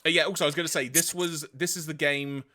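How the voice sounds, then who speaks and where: A man's voice: on the high side, steady tone, fast, pushed and bright. A man streamer chatting while playing a game, rambling and hesitant.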